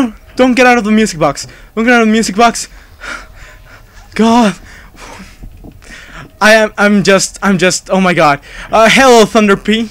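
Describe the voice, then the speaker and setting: Speaking English as a second language, a man streams live gameplay in a panicky way, pleading repeatedly and cursing when something startles him. His high, fairly bright voice moves at a moderate pace with frequent pauses, recorded with no echo.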